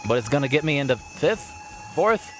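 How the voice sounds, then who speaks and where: A man streaming a kart racing game live, commenting playfully and excitably while chatting with his viewers. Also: medium pitch, moderate pace.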